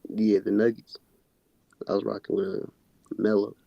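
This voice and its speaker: Mumbling gravelly caller from Denver. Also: male voice, fairly low pitch, level tone, moderate pace, highs cut off. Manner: mumbling, soft-spoken.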